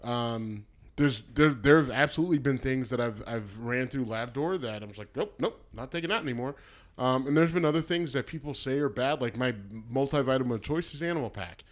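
A man's voice: medium pitch, brisk. A man co-hosting a loose, casual podcast. He is blunt and sometimes crude. He rambles through long explanations full of restarts and fillers. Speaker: podcast co-host. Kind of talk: casual banter.

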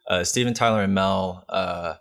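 A man's voice: low-pitched, normal speed, creaky, a bit bright. A man co-hosting a podcast, talking in a loose, rambling way and swearing casually. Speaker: podcast co-host.

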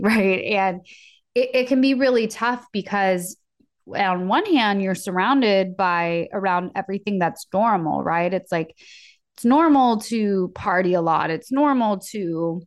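A woman's voice: medium pitch, no room sound, studio quality. A young adult woman hosting a solo podcast in a chatty, upbeat way, full of fillers and quoted little scenes. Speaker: podcast host. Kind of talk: casual solo podcast talk.

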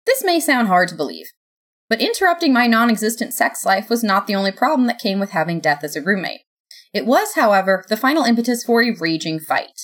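A woman's voice: mid-range voice, big pitch swings, a little fast, fairly bright tone. Sardonic young woman telling a story. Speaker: narrator. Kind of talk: first-person story reading.

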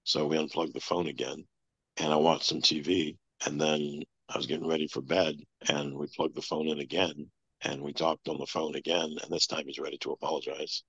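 A man telling a long personal story as an interview guest, in a flat, matter-of-fact way. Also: extremely low pitch, brisk, breathy edge, no echo. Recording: dull lo-fi sound.

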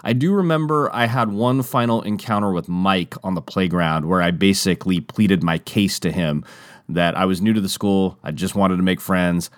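At normal speed, a man spins a rambling personal tale full of restarts and fillers, animatedly switching to high, raised voices for the other people's lines. The sound is clean studio audio with no room sound.

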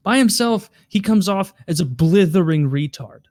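A man's voice: sits high, animated, a little mellow, no echo, studio quality. A man talking bluntly and profanely about politics in a casual chat. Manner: blunt, profane, fast and emphatic.

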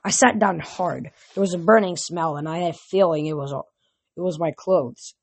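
A woman narrating a novel aloud in a plain, steady reading voice. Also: lowish voice, moderate pace, vocal fry, slightly rough.

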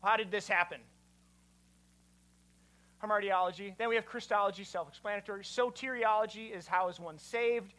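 A man, a pastor, giving an animated teaching sermon and quizzing his listeners. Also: high voice, moderate pace, long pauses.

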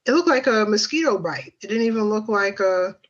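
A woman's voice: medium pitch, expressive, fairly quick, lo-fi sound. A woman guest on a podcast telling a personal story in a chatty way, with many fillers and asides.

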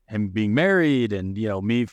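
A man's voice: on the low side, expressive, normal speed, no echo. A young man in a casual podcast chat, blunt and swearing freely, acting out what he and his friend say to each other. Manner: blunt, swears casually, quotes himself in asides. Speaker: podcast guest.

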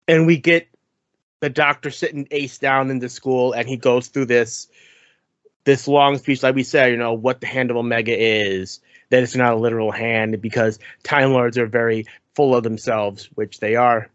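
An animated man in casual podcast chat, mid-pitched and lively, who stumbles over repeated words and breaks into mimicry. The sound is dry and close, a little dull and lo-fi. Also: moderate pace, no echo. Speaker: podcast co-host.

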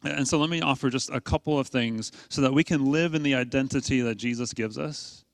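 Guy preaching casually, asks the room questions, punches key words, dry close mic, mid pitch. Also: brisk, gravelly, no echo. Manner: conversational preaching with rhetorical questions. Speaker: pastor. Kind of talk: sermon.

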